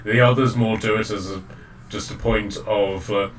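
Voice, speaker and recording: A man narrating as game master of a tabletop game, halting often with fillers and restarts. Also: fairly low pitch, fairly even intonation. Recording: distant mic, faint background noise.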